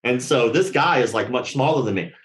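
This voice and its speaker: A man's voice: medium pitch, a little fast, reverberant. A man telling a story casually and with lots of swearing, acting out the voices of the people he quotes. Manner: animated, profane, acts out quoted voices.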